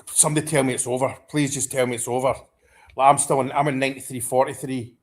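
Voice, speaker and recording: A man reacting live as a football fan, excitable and anxious, stammering and restarting his sentences. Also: mid-range voice, quick pace. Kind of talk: live match watchalong reaction.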